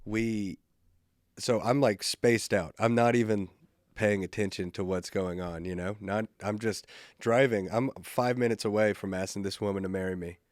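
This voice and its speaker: Low-voiced laid-back comedian telling stories. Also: male voice, fairly even intonation, normal speed, no echo, clean studio sound. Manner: laid-back, rambling, profane, self-mocking. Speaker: comedian and podcast host. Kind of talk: casual solo podcast storytelling.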